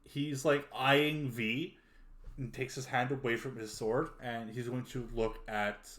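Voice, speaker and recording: A man running a tabletop game, narrating the scene casually with small pauses. His mid-pitched voice has a roomy echo around it. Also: steady tone, fairly bright tone. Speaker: game master.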